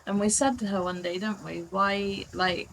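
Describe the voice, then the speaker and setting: A woman's voice: medium pitch, steady tone, normal speed, vocal fry, crowd noise, poor audio. A Welsh woman chatting casually on a vlog, giggly and talkative. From Wales. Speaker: vlogger. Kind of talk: casual chat.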